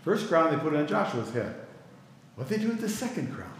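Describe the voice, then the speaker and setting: A man's voice: on the high side, sing-song, fairly quick, a little hiss or hum. A middle-aged male pastor teaching a Bible class in a conversational way, stopping to ask the class for reactions. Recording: echoey hall with long reverb.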